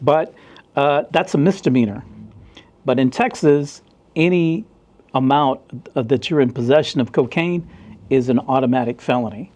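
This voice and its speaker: Animated storytelling ex-cop, mellow voice. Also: male voice, medium pitch, normal speed, highs cut off. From United States. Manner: animated storyteller, acts out dialogue in a raised voice. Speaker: former police officer. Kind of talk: casual storytelling interview.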